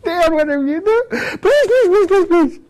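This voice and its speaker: A man's voice: very high-pitched, lively intonation, moderate pace, a little mellow, pitched above the performer's own voice. A man acting out a panicked young woman caught shoplifting, pleading and begging frantically to be let go.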